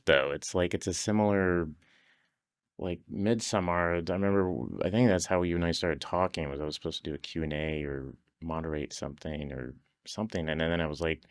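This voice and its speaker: A man appears as a podcast guest, casually recounting stories, often laughing, and performing the voices of those he quotes. His voice is low-pitched; the recording is studio quality with no room sound.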